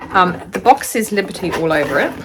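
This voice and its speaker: A woman's voice: mid-range voice, sing-song, a little fast, background noise. A woman from New Zealand chatting casually while unboxing a parcel in a sewing vlog, rambling and easily delighted. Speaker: sewing vlogger.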